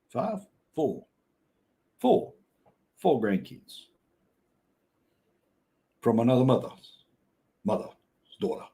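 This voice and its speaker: A man's voice: mid-range voice, sing-song, takes it slowly, creaky, long pauses, warm tone. An Australian man with an Australian accent hosting a livestream, chatting casually in rambling, joking banter. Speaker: livestream host.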